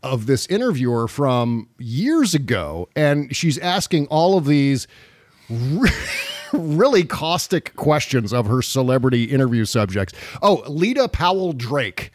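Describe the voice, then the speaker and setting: A man's voice: mid-range voice, very animated, measured pace, no echo. A man co-hosting a casual political podcast, talking in a wry, profane way with many fillers. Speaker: podcast co-host.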